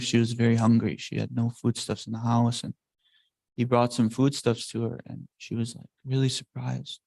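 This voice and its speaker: Class speaker, male, gravelly and mellow, rambling storyteller who keeps correcting himself. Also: mid-range voice, no echo, low-quality recording. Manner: meandering, self-correcting.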